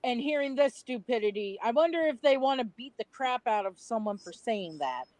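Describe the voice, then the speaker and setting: A woman's voice: on the high side, expressive, normal speed, a little mellow, no room sound, low-quality recording. A woman co-hosting a livestream, blunt and indignant, mocking what others say. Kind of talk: casual ranting chat.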